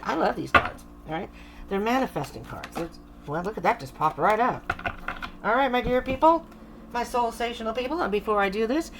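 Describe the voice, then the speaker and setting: A woman's voice: medium pitch, noisy background. A middle-aged woman doing a casual tarot reading to camera, chatty and reassuring, often interrupting herself. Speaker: tarot reader.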